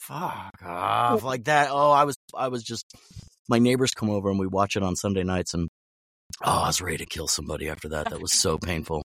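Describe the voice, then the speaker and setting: A man's voice: deep voice, fast talker, fairly bright tone, no echo, studio quality. Blunt, profane man in casual chat. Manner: blunt, profane, sardonic ranting. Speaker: guest voice actor.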